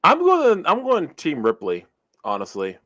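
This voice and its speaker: Guy cohosting a live stream, super lively voice, keeps stumbling and restarting, bright sharp sound. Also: fairly high pitch, measured pace. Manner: excitable, stammers and restarts often. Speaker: co-host of a wrestling podcast. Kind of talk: casual live-stream chat.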